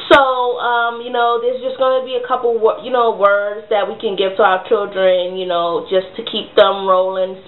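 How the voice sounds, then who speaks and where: A young woman and parent talking casually to camera, rambling with many fillers. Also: medium pitch. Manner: rambling, with many ums and you-knows. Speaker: parent vlogger. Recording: tinny phone-like sound.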